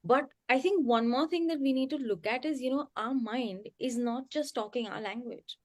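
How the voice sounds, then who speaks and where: A woman speaking earnestly in a panel discussion, animated and often saying "you know.". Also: on the high side, moderate pace, dry recording.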